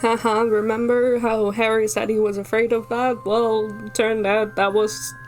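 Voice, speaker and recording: A woman's voice: on the high side, flat delivery, measured pace, faint music behind. A woman with a Dutch accent, casually recapping a story as a streamer, sweary and full of fillers and laughs.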